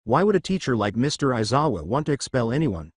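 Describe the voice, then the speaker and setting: A man's voice: mid-range voice, very animated, fast, slightly rough, dry recording. A know-it-all teenage girl insisting she is right, voiced by a male narrator. The recording is close and dry.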